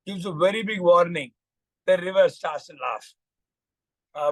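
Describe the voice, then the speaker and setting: Indian coach telling a moral tale, halting with lots of restarts, high voice, slow pace, dry sound. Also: male voice, fairly bright tone, dry recording, rough recording. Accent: Indian English. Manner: halting, frequent restarts and fillers. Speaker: life coach. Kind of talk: moral storytelling in a vlog.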